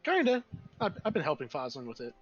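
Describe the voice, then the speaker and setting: A man's voice: fairly high pitch, fairly quick, husky, muffled recording, soft background music, full character voice. A man playing an eager young royal heir. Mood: thoughtful. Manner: rambling, excitable, self-correcting.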